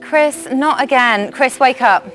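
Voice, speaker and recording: A woman's voice: high-pitched, slow pace, a bit bright, soft background music. An American woman presenting a TV chat show with a jokey, playful delivery.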